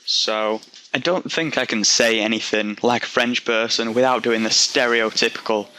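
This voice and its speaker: A young man from Yorkshire chatting over his gameplay footage in a Yorkshire accent. His voice is bright and forward, and he keeps wandering off onto tangents with a self-mocking humour, talking casually at a middling pitch. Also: fairly even intonation, moderate pace. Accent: Yorkshire English. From Yorkshire, England. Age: young adult. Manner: rambling, self-deprecating, goes off on tangents. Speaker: gaming commentator. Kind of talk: casual game commentary.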